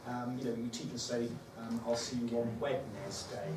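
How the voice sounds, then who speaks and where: A man's voice: mid-range voice, monotone, brisk. Man giving a workshop in an echoey room. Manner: conversational, thinking aloud with fillers. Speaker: teacher trainer. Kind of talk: workshop talk to teachers. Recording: echoey room, far from the mic, background noise.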